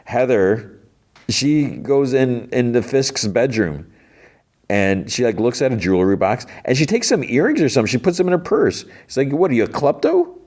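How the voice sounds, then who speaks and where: A man's voice: mid-range voice, very animated, moderate pace, darkish tone. A man hosting a podcast, casually retelling a TV episode scene by scene, full of "like" and sarcastic asides. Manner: retells scenes with quoted dialogue, lots of "like". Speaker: podcast host.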